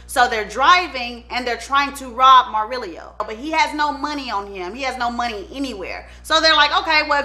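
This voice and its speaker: A woman hosting her channel, telling a true-crime story in a chatty, animated way and acting out the people in it. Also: fairly high pitch. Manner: animated, chatty, acts out the quotes.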